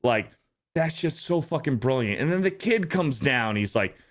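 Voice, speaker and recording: A man's voice: medium pitch, normal speed. A man hosting a podcast, chatting casually and retelling movie scenes with lots of swearing. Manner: animated, profane, retelling scenes with impressions. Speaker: podcast host. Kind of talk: casual chat.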